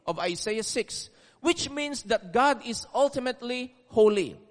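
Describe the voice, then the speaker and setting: Man, sermon, very high voice, lively pitch, emphatic and deliberate, long hall reverb. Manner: deliberate, emphatic, repeats key words. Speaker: preacher.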